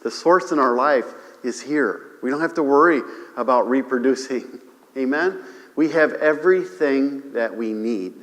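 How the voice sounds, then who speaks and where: A man preaching a sermon to his congregation, animated, often repeating himself and calling for amens. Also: mid-range voice, normal speed, big-room sound. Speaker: pastor. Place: church sanctuary.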